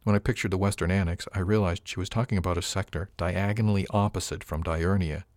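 A man narrating a first-person audiobook in a measured, even storytelling manner. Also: low-pitched, dry recording, clean studio sound.

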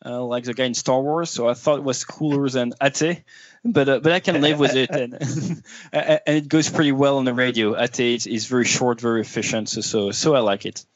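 A man's voice: mid-range voice, steady tone, normal speed, no room sound. French guy calling in, friendly, hesitant, repeats himself, muffled dry line. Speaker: interview guest. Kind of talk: remote interview.

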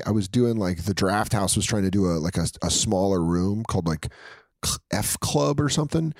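A man in his thirties, a comedian in casual chat, telling stories animatedly and jumping up high when he quotes people. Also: dry recording. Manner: animated storytelling, jumps up high for quoted voices. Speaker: comedian, podcast host.

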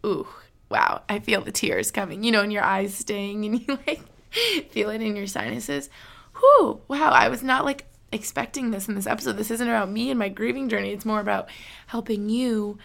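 A woman's voice: medium pitch, fairly even intonation, fairly quick, gravelly, a bit bright. A woman in her twenties hosting a podcast, talking casually and candidly, with lots of fillers and light laughs. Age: 20s. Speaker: podcast host. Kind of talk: casual solo podcast talk.

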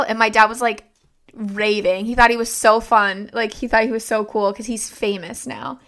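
A young woman tells a personal story to camera in a loose, rambling way, circling back and filling pauses as she goes. Her voice is bright and crisp, sitting a little high. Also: flat delivery. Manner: rambling and conversational, with many fillers and restarts. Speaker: vlogger.

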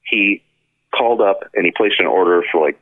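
Deep and husky, this man's voice moves briskly with no echo, though it comes through thin like a phone call. He's a guest on a casual interview, an effects pedal maker who animates his stories by doing the voices of everyone he quotes.

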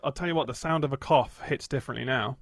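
A man from England co-hosting a comedy podcast from home, telling quick, sweary, animated stories in casual chat. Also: mid-range voice, dry recording. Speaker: podcast co-host. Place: home room. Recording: dry home setup.

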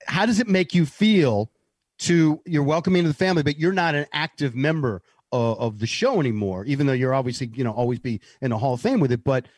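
A man's voice: medium pitch, a little fast, no echo, clean studio sound. A man co-hosting a podcast in casual chat, asking questions. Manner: inquisitive, chatty. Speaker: podcast co-host.

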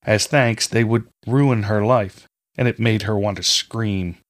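A man reading a fantasy story aloud in a measured, steady storytelling manner. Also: on the low side. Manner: measured storytelling, reading all parts himself. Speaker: audiobook narrator. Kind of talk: scripted fantasy narration.

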